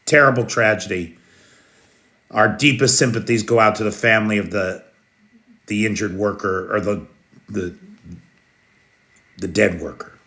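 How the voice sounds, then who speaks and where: Slow-talking American man hosting news. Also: fairly low pitch, steady tone, pushed and bright. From United States. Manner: slow, chatty, greets viewers by name. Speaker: news show host. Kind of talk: casual live news commentary.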